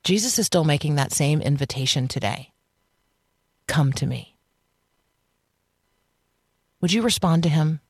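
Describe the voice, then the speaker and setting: An earnest radio host leads a devotional teaching, pressing listeners with rhetorical questions. The voice sits at a middling pitch and comes through a dry studio mic with no room echo. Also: lively intonation, a little fast, few pauses.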